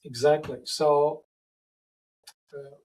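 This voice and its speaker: Male interview guest, halting and repetitive, high voice, slow delivery. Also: flat delivery, darkish tone, poor audio. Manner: halting, repeats and restarts words. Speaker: podcast guest. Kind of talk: interview answers.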